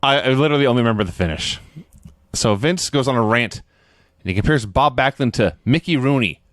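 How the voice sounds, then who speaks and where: A man's voice: medium pitch, animated, a little fast, a bit bright, dry recording, clean studio sound. A man co-hosting a casual chat, telling stories with frequent laughter. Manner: laughing storyteller, acting out quotes. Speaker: podcast co-host.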